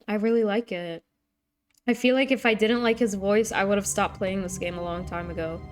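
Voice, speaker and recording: A young woman streaming a game live, chatting excitably with her viewers. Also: medium pitch, brisk. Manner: chatty, excitable, talks to chat. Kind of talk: casual live-stream chat.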